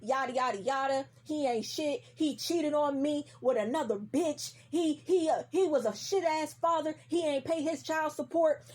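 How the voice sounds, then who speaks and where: A woman's voice: high-pitched, normal speed, few pauses, darkish tone, lightly acted. Woman playing a dramatic wounded vampire man. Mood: gossiping. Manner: dramatic, sassy, defensive.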